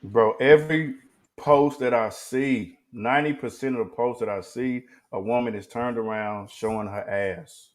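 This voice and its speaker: A man's voice: medium pitch, normal speed. A man in a casual podcast chat, speaking bluntly and emphatically in slang.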